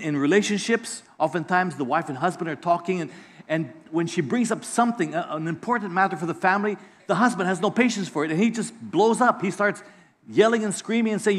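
A middle-aged man, preaching a lively sermon and acting out voices in his stories. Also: high-pitched. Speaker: pastor.

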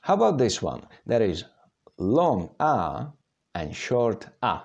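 A man's voice: fairly low pitch, big pitch swings, takes it slowly, creaky, darkish tone, highs cut off. A Czech man teaching pronunciation patiently, step by step, sounding out words for learners. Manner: patient, demonstrating sounds aloud. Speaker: language teacher. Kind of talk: slow step-by-step pronunciation lesson.

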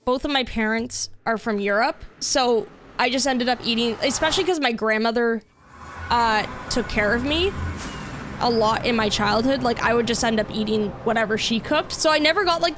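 A woman's voice: on the high side, moderate pace, a bit bright, a little hiss or hum. A young woman live-streaming a game, chatting casually with lots of "like" and reacting to what happens on screen. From Canada. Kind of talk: casual live-stream chat while gaming. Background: faint background music.

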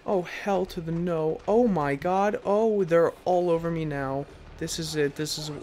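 A man's voice: a little high, fairly even intonation, measured pace, hardly any pauses, a little mellow, a little hiss or hum. A young man playing a horror game at home, commentating in a frantic, profane way and repeating panicked phrases over and over. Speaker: gamer. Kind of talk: let's play commentary. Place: bedroom at home.

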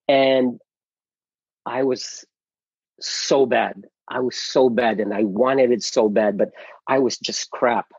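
Guest actor, middle-aged man from the Philippines, husky and earnest, muffled call audio. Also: medium pitch, fairly even intonation, takes it slowly, long pauses, dry recording. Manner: earnest and emotional, with many restarts and repeated words. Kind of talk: casual interview storytelling.

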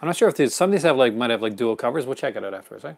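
A man's voice: medium pitch, lively intonation, racing, vocal fry. A man hosting a live unboxing stream in casual chat, rambling and chuckling often. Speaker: host.

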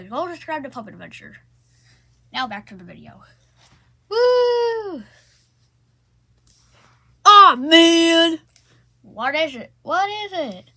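A woman making a homemade puppet parody, voicing every puppet herself with energetic, shouty delivery. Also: medium pitch, gravelly, breathy edge. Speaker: puppet video maker.

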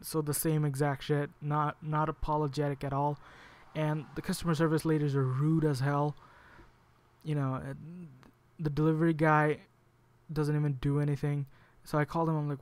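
A man's voice: a little high, little pitch movement, moderate pace, a little mellow, no room sound. A man ranting angrily at home, swearing often and sounding exasperated. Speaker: vlogger. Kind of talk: angry rant to camera.

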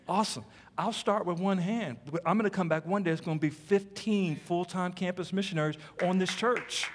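A man preaching as a pastor, telling stories in an animated way and teasing the congregation with playful asides. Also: sits high. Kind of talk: sermon. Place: church sanctuary. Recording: long hall reverb.

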